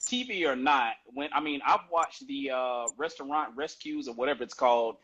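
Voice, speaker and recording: A man's voice: medium pitch, normal speed, fairly bright tone, husky. A man hosting a podcast, eagerly asking his guest questions in casual chat. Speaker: podcast host. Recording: muffled lo-fi audio.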